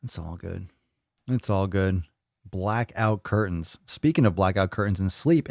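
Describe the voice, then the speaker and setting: A man hosts a fitness livestream in loose, casual chat. His voice sits a bit low, and he riffs playfully, swears freely and repeats lines in a sing-song way. The sound is dry and close, with no room echo. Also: brisk, darkish tone. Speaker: fitness show host.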